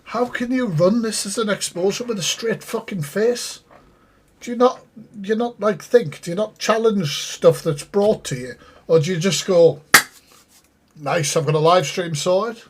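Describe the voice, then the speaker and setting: A man's voice: high voice, moderate pace, slight background noise. A man giving sweary, exasperated live reaction commentary and talking to his chat. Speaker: streamer reacting to a live stream.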